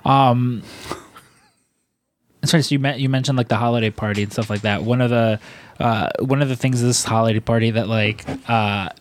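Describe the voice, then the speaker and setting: Guy rambling on a podcast, lots of likes and ums, mid pitch, dry close sound. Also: fairly even intonation, fairly quick, no room sound. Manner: rambling, many fillers and restarts. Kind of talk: casual chat.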